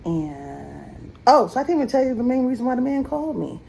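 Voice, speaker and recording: A woman's voice: fairly quick, vocal fry, a little hiss or hum, poor audio. A young woman chatting casually to camera at home, laughing at herself and joking as she goes. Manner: animated, laughing at herself, swooping high when teasing. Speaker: vlogger. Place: at home, moving between rooms.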